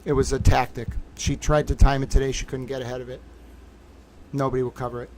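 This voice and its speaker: A man's voice: medium pitch, level tone, quick pace. A man giving casual livestream commentary, talking in a rambling, profane and emphatic way.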